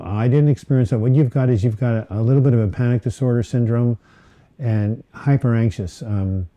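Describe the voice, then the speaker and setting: Guy hosting a live q&a from home, low and super mellow, lots of uhs. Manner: rambling, with many uh fillers and restarts. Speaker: host of a live mental health Q&A. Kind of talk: casual live-stream chat, reading viewer questions. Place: home setting, Portland.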